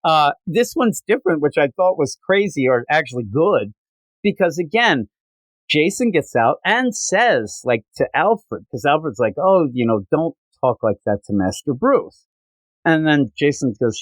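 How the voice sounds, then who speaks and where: Animated man retelling comic scenes. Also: on the high side, moderate pace, dry recording. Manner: animated retelling, acting out character lines. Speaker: podcast co-host. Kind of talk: casual comic book review chat.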